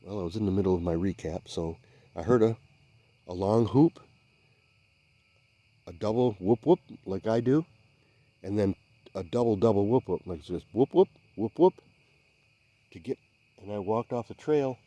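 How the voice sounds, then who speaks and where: A man investigating the woods by a swamp at night, speaking in a hushed, halting, searching way and sometimes calling out loudly. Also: on the low side, no echo. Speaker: field investigator. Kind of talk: night field investigation commentary.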